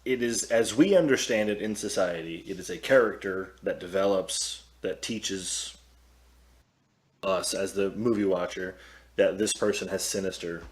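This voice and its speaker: A man's voice: low-pitched, moderate pace. A man co-hosting a casual movie discussion, laid-back and thinking aloud with fillers. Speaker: podcast co-host.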